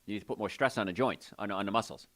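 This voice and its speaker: A man hosting a call-in health show as a doctor, talking in an energetic, folksy, salesy way. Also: fairly low pitch, very fast. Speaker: radio show host and doctor. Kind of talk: call-in health radio talk.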